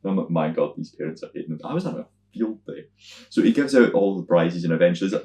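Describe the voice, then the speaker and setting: A man's voice: rapid-fire, echoey room. A young Scottish man co-hosting a podcast, telling stories in a casual chat, acting out other people's lines and swearing freely. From Scotland. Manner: animated storyteller, acts out other people's lines in loud high voices, swears freely. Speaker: podcast co-host.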